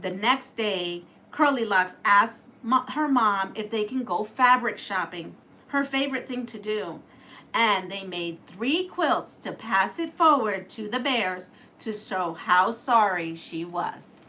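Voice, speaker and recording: A woman hosting a quilting livestream, reading out a homemade story and chatting with viewers, animated and laughing at her slips. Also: mid-range voice, slow pace. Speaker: quilting channel host.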